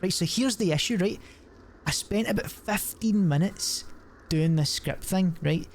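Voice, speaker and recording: Young guy streaming, kinda high voice, rambly and sweary, bit of faint background hum. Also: measured pace. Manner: rambling and profane, many fillers and restarts. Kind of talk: casual chat while gaming.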